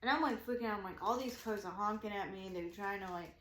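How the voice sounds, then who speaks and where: A woman's voice: mid-range voice, quick pace, reverberant, slight background noise. A woman telling a story in a casual, rambling way, full of "like" and acted-out quotes. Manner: animated, rambling, heavy use of "like". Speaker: craft shop vlogger.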